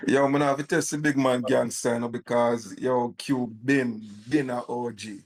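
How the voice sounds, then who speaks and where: A man's voice: medium pitch, fairly even intonation, moderate pace. A man with a Jamaican accent, brought in as a guest caller for a joking casual chat, talking in a laid-back, slangy way.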